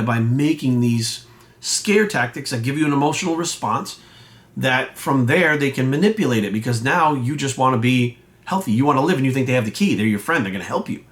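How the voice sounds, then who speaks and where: A man's voice: medium pitch, lively intonation, moderate pace. A man, a fitness coach ranting casually and bluntly, swearing often and acting out quoted voices. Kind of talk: casual rant to camera.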